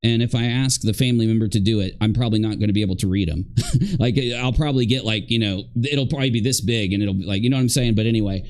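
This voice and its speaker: A man's voice: fairly low pitch, quick pace, darkish tone. A man talking casually on a livestream, rambling and indignant. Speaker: streamer in a played clip.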